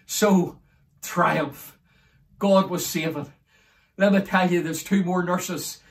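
High-voiced Derry man preaching emotionally. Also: fairly even intonation, slow, distant mic. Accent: Derry, Northern Irish. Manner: fervent, rising to exclamations. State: emotional, near tears. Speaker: evangelist. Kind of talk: emotional testimony sermon.

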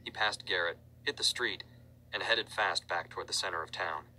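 A man reads a children's storybook aloud with steady pacing. His voice is very deep yet bright and sharp-edged, with faint background noise. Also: moderate pace, low-quality recording. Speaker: narrator. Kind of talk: audiobook reading.

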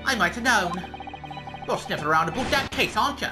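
A man voicing a hostile, suspicious middle-aged prison governor in an attempted Scottish accent, pitched up and strained, over game music. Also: expressive, quick pace.

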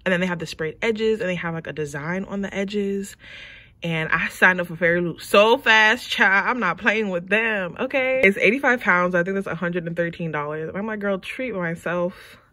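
A young woman hosting her own book vlog in casual, gushing chat, excitable and talkative. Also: fairly low pitch, moderate pace. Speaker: book vlogger.

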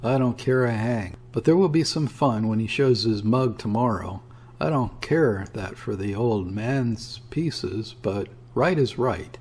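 A man voicing a boisterous, scornful young sailor who talks bluntly and roughly. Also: medium pitch, measured pace, a little mellow. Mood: blustering. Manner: blunt, offhand and rough-spoken.

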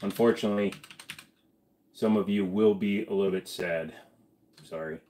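Man, livestream host, low voice, casual chat, reads chat aloud, mumbled asides, feeling sick. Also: steady tone, moderate pace, warm tone, slight background noise. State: feeling sick to his stomach.

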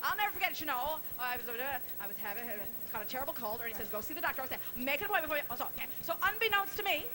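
Rapid-fire and expressive, with barely a pause, a woman in her forties delivers bawdy jokes in a brassy, teasing style. Her voice sits high. She is a singer and comedian doing live stand-up on a large concert hall stage, and the background is noisy.

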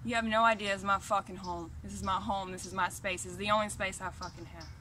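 A woman's voice: mid-range voice, steady tone, fast talker, noisy background. A woman at home, ranting angrily and profanely to her camera in a heated, repetitive, confrontational way. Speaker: vlogger. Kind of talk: angry direct-to-camera rant.

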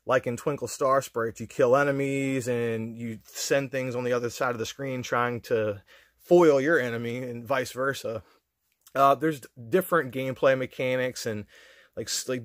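A man's voice: mid-range voice, dry recording, clean studio sound. A man hosting a retro gaming channel, chatting casually about his video game pickups in a rambling, slangy way. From United States. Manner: rambling, laid-back, slangy with restarts.

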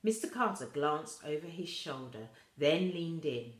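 Slow, low-voiced woman reading a story aloud. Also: expressive. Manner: slow, soft reading with quoted voices lifted higher. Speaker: reader of a children's novel. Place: school room. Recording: echoey room.

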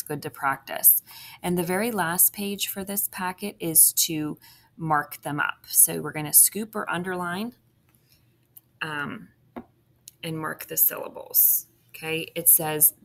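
Slow, gravelly-voiced woman teaching phonics. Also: low-pitched, a bit bright, a little hiss or hum. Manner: patient, step-by-step, sounds out syllables. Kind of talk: phonics lesson walkthrough.

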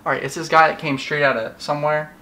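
A man's voice: a little high, steady tone, fast talker, bright, forceful tone, a little hiss or hum. A young man hosting a casual reaction video, teasing his mom and laughing often. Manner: teasing, laughs a lot, loose slangy talk. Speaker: vlogger host. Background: music playing.

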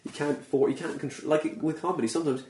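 Mellow, fast-talking podcast host. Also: male voice, fairly high pitch, fairly even intonation. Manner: reflective, musing, supportive listener. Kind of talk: casual podcast chat. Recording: roomy echo.

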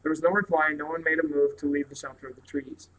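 A man reading a novel aloud at a plain, steady pace. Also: fairly high pitch, quick pace, rough recording. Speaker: reader.

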